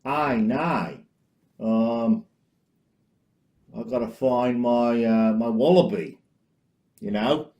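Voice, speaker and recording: A man doing a clumsy, halting impression of an Australian bloke with a poor fake accent. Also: mid-range voice, echoey room, dull audio. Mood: goofy. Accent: poor imitation of Australian. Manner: halting, fumbling for words.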